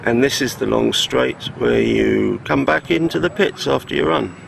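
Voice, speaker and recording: A relaxed man gives a chatty walk-around commentary with a gravelly edge to his voice. He is recorded outdoors, and clear traffic and car noise run behind him. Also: mid-range voice, moderate pace. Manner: relaxed, chatty with hesitant fillers. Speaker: vlogger on a track visit. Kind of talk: casual walk-around narration. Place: outdoors at a racetrack.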